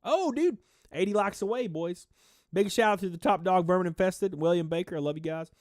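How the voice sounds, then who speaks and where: A man's voice: high-pitched, fairly even intonation, brisk, no room sound, clean studio sound. A man hosting a casual livestream, rambling and reading out chat names, stuffy-nosed and a little out of breath. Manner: rambling, reads chat names aloud, shouts out donors. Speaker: livestream host.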